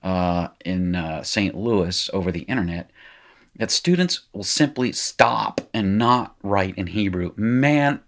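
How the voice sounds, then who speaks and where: A man's voice: low-pitched, slow pace. A middle-aged man teaching biblical Hebrew, working through exercises in a loose, self-correcting way while writing. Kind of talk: informal recorded lecture, working exercises.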